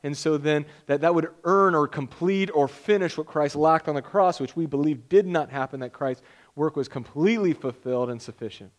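Casting note: young man, pastor delivering a sermon in a loose, joking, conversational way, slightly higher voice. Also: normal speed.

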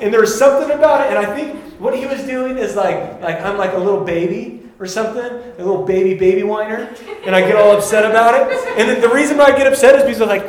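A young man giving a casual sermon, animated and laughing, acting out voices in his stories. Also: extremely high pitch, fast, a crowd in the background. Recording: very echoey room with faint ambience.

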